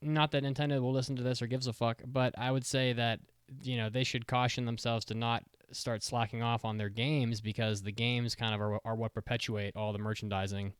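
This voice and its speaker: Excitable rambling man, dry sound. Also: medium pitch, brisk, hardly any pauses, clear, resonant tone, no room sound. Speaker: podcast co-host. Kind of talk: casual chat.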